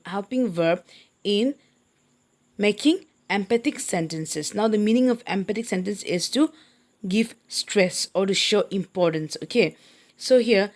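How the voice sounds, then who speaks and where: A woman teaching English grammar in a steady classroom voice. Her pitch sits in the middle of the range. She explains with patience, repeats each point and keeps checking that her students follow.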